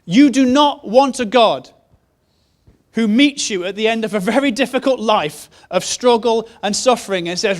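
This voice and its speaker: A man's voice: high-pitched, normal speed. A man preaching a sermon, telling a story in an earnest way and repeating key phrases. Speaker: pastor.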